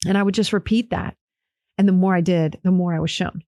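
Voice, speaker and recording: A woman's voice: lowish voice, steady tone, brisk, warm tone, no room sound, studio quality. A woman hosting a podcast, telling a personal story in a candid, emotional, rambling way with many restarts. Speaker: podcast host.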